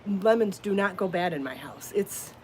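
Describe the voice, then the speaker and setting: Woman, casual podcast host, chatty, bubbly, mid-pitched voice, faint ambient noise. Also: animated, normal speed. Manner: chatty, bubbly, laughs often. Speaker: podcast host and crochet designer. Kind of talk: casual live podcast chat. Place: home, then out in her garden.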